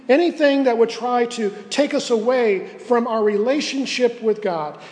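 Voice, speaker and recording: A man preaching a sermon as pastor, earnest and measured, slowing down to stress key words. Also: sits high, a little mellow, long reverb tail.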